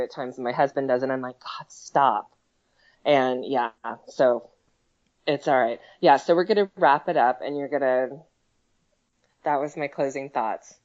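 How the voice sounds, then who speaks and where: A woman's voice: extremely low pitch, darkish tone, no room sound. Teasing female podcast co-host, lo-fi. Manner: teasing, laughing, stumbling restarts. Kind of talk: casual sports podcast chat. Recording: dull lo-fi sound.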